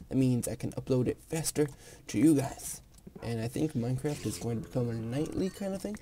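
A young man giving casual let's play commentary while gaming, excitable, swearing and gasping. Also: mid-range voice, a little fast, slight background noise. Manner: excitable, swears, gasps and sings jokingly. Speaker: gamer.

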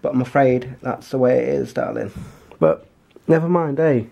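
A man's voice: normal speed, gravelly, dull audio. A man chatting casually to camera as a family vlogger, rambling in a homely way at home, recorded on a handheld compact camera. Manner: chatty, rambling, homely; softer and lower on asides.

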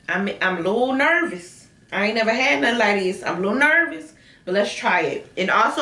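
Chatty woman vlogger in an echoey room. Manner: chatty, addresses viewers as girl and y'all; animated, jumps into high squeals when excited. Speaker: beauty vlogger reviewing shapewear. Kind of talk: casual try-on haul.

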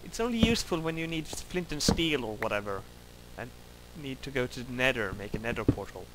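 A man's voice: mid-range voice, expressive, a little fast, noisy background. A man giving wry, self-mocking commentary while playing a game, grumbling at it as he goes. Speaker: gameplay commentator. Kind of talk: let's play commentary.

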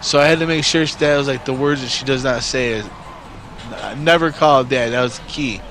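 A man's voice: medium pitch, fast, a bit bright, a little hiss or hum. A man in his forties from New York State telling a story casually, rambling and swearing constantly. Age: 40s.

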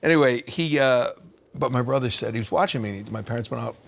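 A middle-aged man co-hosting a casual video game chat, telling an animated story and acting out the people in it. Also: mid-range voice, fast, vocal fry, a little hiss or hum. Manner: animated storyteller who acts out the people in his stories. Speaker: co-host.

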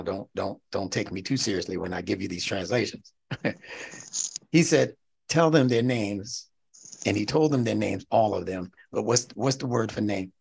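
A middle-aged man teaching a lecture class, animated and teacherly, checking his listeners with "right?" and rising to emphatic peaks. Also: lowish voice, vocal fry, breathy edge. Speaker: instructor.

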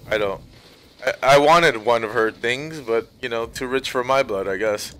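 A man's voice: mid-range voice, moderate pace, a bit bright. A young man streaming a video game, telling a story in a profane, rambling rant. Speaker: gaming streamer. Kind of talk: casual storytelling while playing. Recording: game sounds and noise behind.

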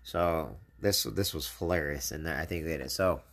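In a relaxed live video, a channel host with a very low, rough voice full of gravelly fry speaks earnestly to his viewers. He offers plain, personal encouragement and comfort at a normal speed, barely pausing, with a slightly bright tone.

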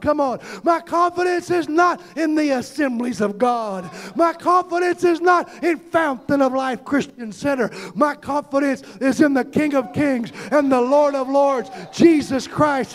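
A man preaching a fervent sermon as pastor, shouting and calling out to the congregation. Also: very high-pitched.

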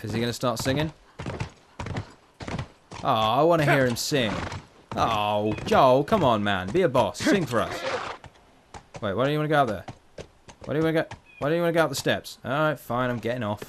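A man talks his way through a video game in casual let's play commentary. He is playful and chatty, joking to himself at a mid pitch. A faint hiss sits under the voice. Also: expressive, brisk, pauses often. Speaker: gamer.

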